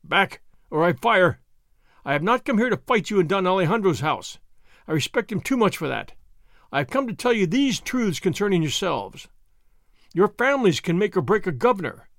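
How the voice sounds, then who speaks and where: A man voicing a bold masked highwayman who speaks in a lofty, commanding, scornful way in a storybook reading. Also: big pitch swings, moderate pace, a bit bright, no echo, studio quality, heavily acted.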